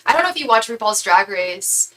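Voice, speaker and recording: A woman's voice: mid-range voice, big pitch swings, fairly quick, fairly bright tone, rough recording. A young woman hosting a livestream, chatting casually with viewers in a gushing way, full of fillers and restarts. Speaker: tarot reader and psychic livestream host. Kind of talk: casual livestream chat reading comments.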